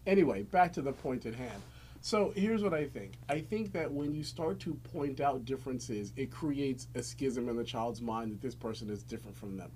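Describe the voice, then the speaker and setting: A man co-hosting a podcast in casual chat, animated and laughing often as he jokes around. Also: medium pitch, moderate pace, slight background noise. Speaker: podcast co-host.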